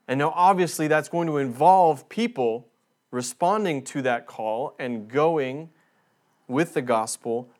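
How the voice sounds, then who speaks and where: A man speaking as a visiting missionary in a church, preaching earnestly and building emphasis as he makes his points. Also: fairly high pitch. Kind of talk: sermon.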